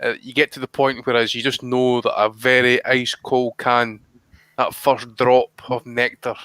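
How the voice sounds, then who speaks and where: A man's voice: mid-range voice, a bit bright, no room sound. A man telling rowdy, profane drinking stories in casual live-stream banter. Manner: boisterous, sweary storyteller. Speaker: regular panelist.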